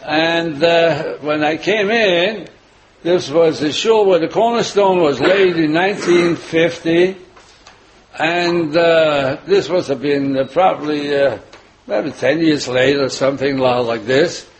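Older male rabbi, rambling sermon, many pauses, slightly high voice, faint background noise. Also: poor audio. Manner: rambling, many filler pauses, chuckles at own jokes. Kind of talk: sermon with personal anecdote.

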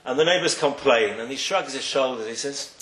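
A man's voice: medium pitch, a little fast, fairly bright tone. A man giving a sermon as a rabbi, telling stories and acting out the people he quotes with lots of emphasis. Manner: storytelling, acts out quoted people, rising and falling emphasis. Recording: echoey room.

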